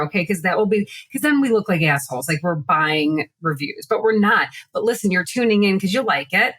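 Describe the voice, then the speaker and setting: A woman's voice: mid-range voice, lively intonation, fairly quick, hardly any pauses, fairly bright tone, slightly rough. A woman co-hosting a podcast, chatting casually and joking, with frequent laughs. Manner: rambling, joking, laughs often. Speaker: podcast co-host. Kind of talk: casual chat.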